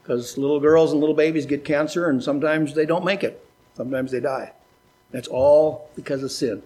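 Man, middle-aged, pastor, folksy sermon, acts out dialogues, fairly high voice, church. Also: steady tone, moderate pace, mellow, slightly rough. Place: church sanctuary.

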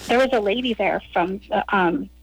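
Woman with a gravelly edge, telling it straight. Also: medium pitch, moderate pace, poor audio. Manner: fillers, retells scenes in quoted dialogue. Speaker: family member of a prisoner, radio guest. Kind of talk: personal account on a live radio program.

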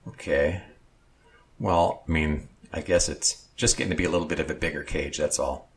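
A man's voice: rumbling low, fairly even intonation, moderate pace. A man co-hosting a talk show, reading out news stories and breaking into sarcastic asides. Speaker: co-host. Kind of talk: news commentary and banter.

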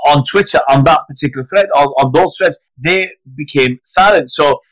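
A man co-hosting a football podcast, arguing his point in an animated, heated way, his pitch climbing as he gets worked up. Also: normal speed, no room sound, low-quality recording. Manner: animated, argumentative, rising pitch when heated. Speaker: podcast co-host. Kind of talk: casual football podcast chat.

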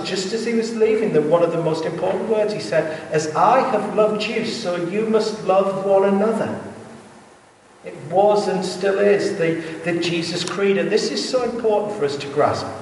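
A man preaching a sermon in a church, earnest and conversational with quick asides. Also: high-pitched, a little hiss or hum. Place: church hall. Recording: echoey hall, heard from a distance.

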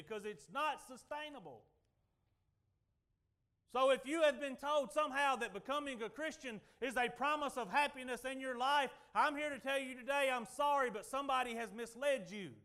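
A middle-aged man preaching a sermon, telling folksy stories and swinging from loud declarations to quiet asides. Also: extremely high pitch.

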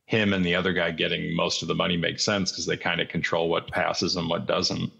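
A man's voice: sits low, level tone, fairly quick, vocal fry, bright, forceful tone, breathy edge. A man in casual chat, explaining how the politics work in a matter-of-fact way.

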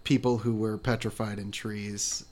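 Laid-back low-voiced game master. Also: male voice, flat delivery, a little slow, darkish tone. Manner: laid-back, giggly, rambling. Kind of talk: casual tabletop game narration.

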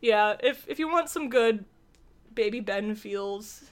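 A young woman co-hosting a podcast, chatting casually and breaking into quick, animated acted-out quotes. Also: mid-range voice. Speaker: podcast co-host. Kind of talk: casual chat.

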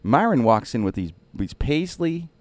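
Animated man telling a radio story. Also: normal speed, no room sound. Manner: animated, jumping up in pitch for punchlines. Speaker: radio host and impressionist. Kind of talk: casual storytelling.

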